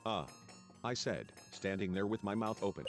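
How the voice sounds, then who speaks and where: A man's voice: fairly low pitch, normal speed, over music. A man reading game dialogue and narration aloud in a let's play.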